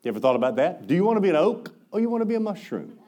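A man preaching a sermon, telling folksy stories with an animated delivery and quick asides. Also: high-pitched. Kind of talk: sermon storytelling.

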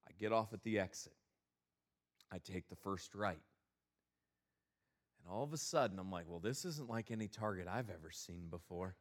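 A male pastor telling a funny personal story, then preaching a sermon with a lively, exasperated manner. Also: deep voice, normal speed, long pauses.

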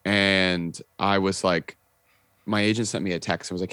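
Man, young adult, very low voice, dry close sound, casual storytelling, acts out quotes, lots of "like". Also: moderate pace, smooth, no echo. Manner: animated storyteller, acting out quotes, frequent "like" and swearing. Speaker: podcast guest, actor.

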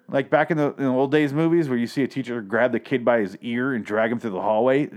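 Another home recap of a TV episode comes from a podcast host whose voice is medium-pitched and darkish, moving at a moderate pace. He wanders, curses liberally, and runs himself down, while his microphone catches noticeable pops.

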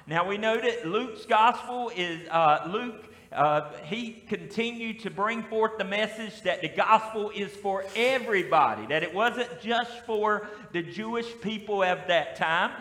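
A man with a Southern US accent preaching a sermon as pastor, with lively call-and-response. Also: high-pitched, a little slow, hardly any pauses. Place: church sanctuary. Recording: echoey hall with long reverb.

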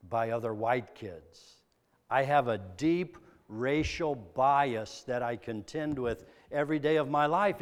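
A Midwestern American preacher delivers a sermon, posing searching, sincere rhetorical questions. His male voice sits at a medium pitch and carries the sound of a large room.

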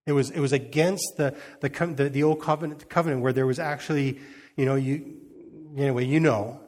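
Man, preacher, husky voice, chatty sermon, acts out quotes. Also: medium pitch, fairly even intonation, a little fast, darkish tone. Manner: conversational, acts out quotes, chuckles often. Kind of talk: informal sermon.

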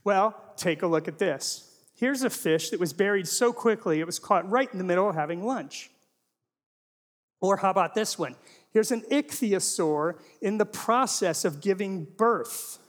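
A man's voice: high voice, measured pace. A middle-aged man giving a humorous teaching presentation to a live audience, full of rhetorical questions and jokey asides. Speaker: Christian apologetics speaker. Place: large hall before a live audience. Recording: long reverb of a large hall.

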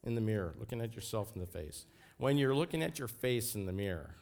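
A man's voice: on the low side, big pitch swings, fast, a little mellow. A man preaching a sermon as pastor, fervent and emphatic.

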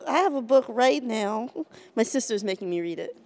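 A woman's voice: fairly high pitch, animated, normal speed, a little mellow. Wry woman with a ringing reverb tail. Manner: wry, sarcastic storytelling. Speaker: podcast host and comedian. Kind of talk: casual chat.

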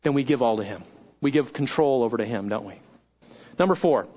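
A man's voice: mid-range voice, lively intonation, brisk, a little mellow. A male pastor giving a sermon in a conversational style, often tagging his points with "right?" and restarting phrases as he goes. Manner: repeats phrases and restarts mid-sentence. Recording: dull lo-fi sermon recording.

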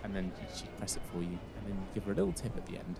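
A man's voice: fairly low pitch, sing-song, racing, vocal fry, mellow. Rambling English man hosting a podcast. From England. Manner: rambling, self-correcting, chatty. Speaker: podcast host. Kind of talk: casual history podcast chat.

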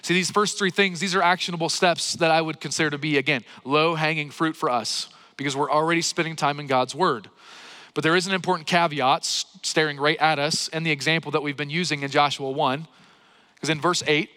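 A man's voice: a little high, moderate pace, sharp tone. A man preaching a sermon as pastor, talking conversationally and asking the congregation rhetorical questions. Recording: long hall reverb.

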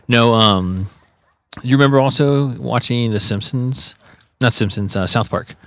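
A man co-hosting a podcast, easygoing and quick to laugh while he shares trivia. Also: mid-range voice, fairly bright tone, no room sound. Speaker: podcast co-host. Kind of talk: casual chat. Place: local market at an art college.

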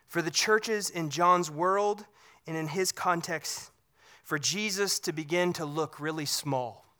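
Um pastor com timbre brilhante e incisivo prega com intensidade dramática. Alterna trechos fortes e enfáticos com passagens baixas e sussurradas, repetindo palavras quando recomeça as frases. O tom fica na altura média. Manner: dramatic swings between loud emphatic and hushed low delivery; repeats words when restarting a phrase. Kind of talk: sermon.

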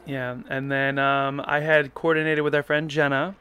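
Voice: medium pitch, flat delivery, moderate pace, pushed and bright, clear, resonant tone. A podcast co-host reminiscing with their partner in a loose, rambling way, full of fillers and playful teasing. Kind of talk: casual chat, reminiscing with partner.

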